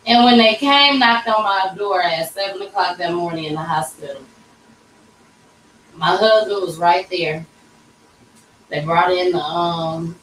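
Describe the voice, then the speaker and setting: A woman's voice: on the low side, fairly bright tone. Woman host in her 30s, candid storyteller, off-mic in a roomy shop with faint background hum. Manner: candid and conversational, addressing viewers as y'all. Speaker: livestream host telling a personal story. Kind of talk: casual emotional storytelling. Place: tattoo shop. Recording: echoey room, mic at a distance.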